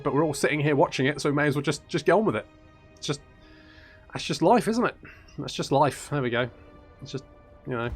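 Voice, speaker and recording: A man's voice: a little high, a bit bright. A man doing casual gameplay commentary as a YouTuber, ranting, swearing and mocking himself. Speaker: gaming YouTuber. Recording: faint game music behind.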